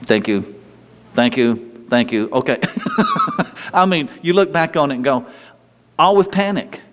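A man delivering an animated, conversational sermon, his voice sitting a touch higher than most men's. He breaks off mid-phrase, restarts, and asks the room questions as he goes. A long hall reverb trails every line. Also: unhurried, slight background noise. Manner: animated, conversational preaching with frequent restarts and asides. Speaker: pastor.

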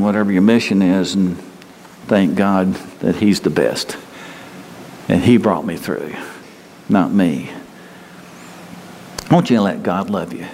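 A man preaching a sermon in a repetitive, emphatic way, climbing higher and louder as he gets stirred. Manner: emphatic, repetitive, rises in pitch and force when stirred. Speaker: pastor. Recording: reverberant hall with faint noise.

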